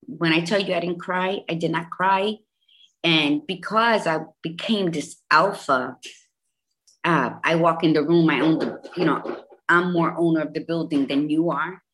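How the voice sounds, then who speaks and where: Woman in her fifties, deep voice, candid interview guest, emphatic, repeats herself for weight. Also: measured pace. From Bridgeport, Connecticut, US. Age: 50s. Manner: emphatic, repetitive, animated storytelling.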